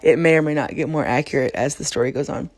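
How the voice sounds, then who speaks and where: Woman in her thirties, chatty storyteller, slightly low voice. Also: fast, a little mellow. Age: 30s. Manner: chatty, laughing, many fillers. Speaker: podcast host. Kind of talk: casual storytelling podcast.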